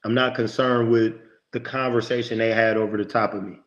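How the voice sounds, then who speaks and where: Homme au ton emphatique de prédicateur, son un peu étouffé. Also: male voice, fairly low pitch, level tone, brisk, a bit bright, dull audio. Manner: emphatic, preachy, lots of quoted self-talk. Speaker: podcast guest, motivational speaker. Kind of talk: conversational interview talk.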